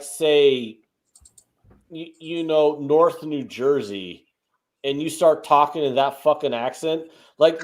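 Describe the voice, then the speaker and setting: A man from the American Midwest co-hosting a casual betting podcast, ranting emphatically and swearing often. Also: on the high side. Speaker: co-host.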